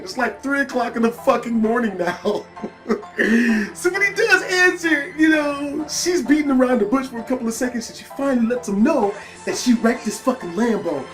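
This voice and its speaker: A man telling a wild personal story in casual, profane storytime style, full of slang fillers. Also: very high-pitched. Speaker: storytime YouTuber.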